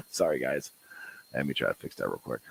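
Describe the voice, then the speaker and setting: Male sports podcast host, loud and excitable, voice swings widely, mic set too close. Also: very deep voice, normal speed, creaky, heavy background noise. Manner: loud and excitable, laughs often. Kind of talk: live sports podcast chat. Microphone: desktop mic set too close.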